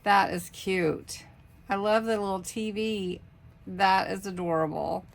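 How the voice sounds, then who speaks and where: A woman hosting a craft channel, casually opening mailed craft cards and thanking senders with warm, gushing praise. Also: medium pitch, a little slow, gravelly.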